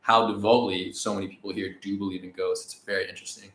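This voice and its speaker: Relaxed young American man, travel vlogger, lower voice, roomy echo. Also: fast talker. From United States. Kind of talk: casual livestream Q&A chat. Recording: echoey room.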